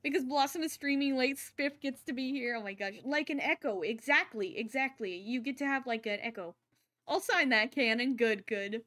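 A woman streaming a video game, chatting casually and excitedly with her viewers as she plays. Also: sits high, moderate pace. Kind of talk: casual live-stream chat.

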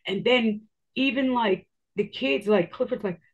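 A woman's voice: a little high, moderate pace, slightly rough, lo-fi sound. A woman casually telling a personal story in a rambling way, full of filler words and acted-out quotes.

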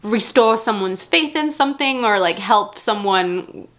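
A woman's voice: medium pitch, animated, unhurried, fairly bright tone. A young woman filming a casual music reaction vlog in her bedroom, talking in a candid, rambling way and swearing freely. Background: music playing faintly.

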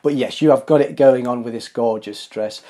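A man's voice: mid-range voice, normal speed, mellow. A man hosting a fashion show, commenting on outfits in a gushing, playful, sing-song way.

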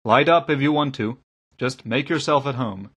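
A man reading aloud, voicing an earnest middle-aged man who preaches gently but fervently to a small congregation. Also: mid-range voice, normal speed, breathy edge. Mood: gentle.

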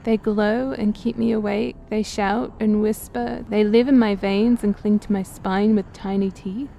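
A woman's voice: medium pitch, steady tone, unhurried, vocal fry, mellow, a little hiss or hum. A woman reading a haunted, pleading young herder.

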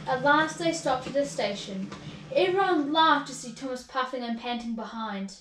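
A woman reading a children's storybook aloud in an expressive, sing-song way, recorded in an echoey room far from the mic. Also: high voice, moderate pace, slight background noise.

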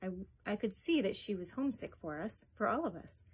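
A woman's voice: mid-range voice, sing-song, fairly quick, husky. A woman reading a storybook aloud and voicing a hopeful young boy who pleads in a rush of words. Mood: eager pleading. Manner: eager, words racing, pleading.

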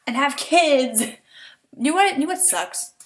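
A woman's voice: sits high, lively intonation, measured pace. A young woman giving chatty, giggly let's play commentary, talking to herself and voicing the game characters in silly tones. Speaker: gameplay commentator. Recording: faint background hiss.

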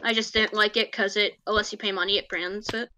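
A woman's voice: mid-range voice, steady tone, fast talker, sharp tone, a little hiss or hum. A young woman chatting casually with friends over a game, giggly and encouraging. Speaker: gaming friend, host's girlfriend. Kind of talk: casual chat while gaming.

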